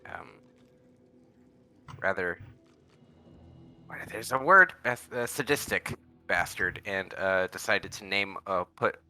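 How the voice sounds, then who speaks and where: A man chatting casually during a co-op video game, halting and full of fillers. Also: sits low, sharp tone, faint music behind. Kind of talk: casual gameplay chat.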